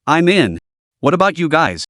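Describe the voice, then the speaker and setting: A man's voice: fairly high pitch, very animated, normal speed, a bit bright, dry recording, studio quality. A man voicing a smug, callous foreign officer who talks in a mocking tone.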